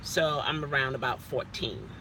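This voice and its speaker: A woman's voice: very deep voice, normal speed, noisy background. A woman rideshare driver chatting casually to her vlog from inside her car, rambling with little self-talk asides.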